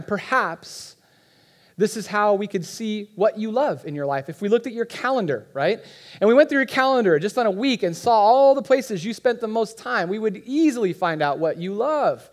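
High-voiced man preaching conversationally. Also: normal speed. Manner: conversational, joking with the congregation, animated. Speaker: guest pastor. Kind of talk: sermon. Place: church.

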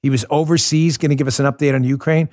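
A man hosting a political commentary show, talking fast and fired-up with sarcastic asides and frequent laughs. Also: a little high, steady tone, darkish tone, no echo, clean studio sound. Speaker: podcast host.

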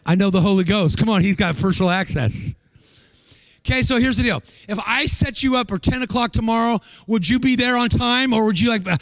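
A middle-aged man preaching a guest sermon with energy, in a sing-song cadence and shouted peaks. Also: high voice, a little fast, no room sound.

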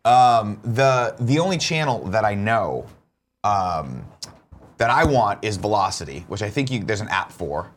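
Male co-host, low-pitched, loose and irreverent, rambles, swears. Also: lively intonation, unhurried. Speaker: show co-host. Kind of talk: casual chat.

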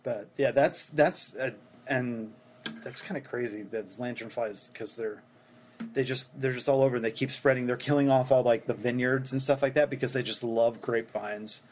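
A man from the Philadelphia area chatting on a casual podcast, talking in an animated, chatty way and laughing easily. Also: mid-range voice, normal speed. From Philadelphia area, USA.

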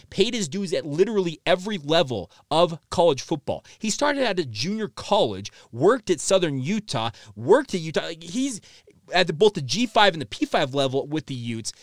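A man talks in a fairly high voice as he hosts a sports podcast, emphatic and opinionated. The sound is dry and close, with no room behind him. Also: no room sound. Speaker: podcast host. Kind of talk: sports talk podcast monologue.

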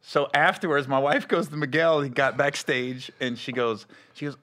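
A man's voice: mid-range voice, moderate pace, fairly bright tone. A man who is a comedian hosting a casual chat, telling stories with acted-out voices and laughing often. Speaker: comedian, podcast host.

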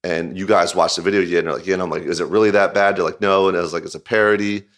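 A man's voice: low voice, rapid-fire. A man who directs music videos, telling a story in an interview in a casual, rambling way, full of "like" and with bursts of laughter. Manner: rambling, filler-heavy storytelling with frequent "like"; animated, laughing retelling.

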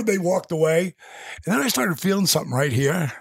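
A man in his sixties, an interview guest telling stories in a casual, animated way and acting out quotes and sound effects. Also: a little high, moderate pace, creaky, husky, no echo, clean studio sound.

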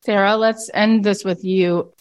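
A woman's voice: mid-range voice, a little slow. Emphatic woman coaching with big swings. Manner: emphatic and animated, with big swings into mocking voices; blunt and profane at times. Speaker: life coach running a group coaching call. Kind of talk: impassioned coaching talk.

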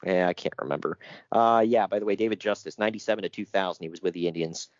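Low-voiced man reading notes casually. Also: fast, no echo, lo-fi sound. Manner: reads notes, jokes and laughs often. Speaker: podcast co-host. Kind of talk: casual chat.

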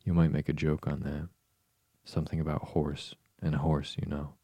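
A man's voice: extremely low pitch, flat delivery, moderate pace, warm tone, dry recording. A man voicing a tiny, timid talking insect in a storybook reading, with a small, pleading manner. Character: tiny sad insect, a timid little gnat.

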